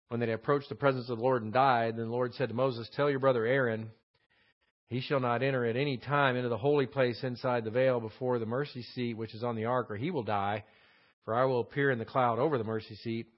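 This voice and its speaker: A man's voice: mid-range voice, steady tone, a little fast. A man teaching a verse-by-verse Bible study, explaining words and asking rhetorical questions with many fillers. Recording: dull lo-fi sound.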